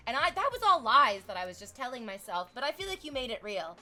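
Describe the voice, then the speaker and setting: A young adult woman livestreaming casual chat, swearing freely and breaking into excited shrieks and laughter as she reacts to viewers. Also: fairly high pitch, quick pace, soft background music.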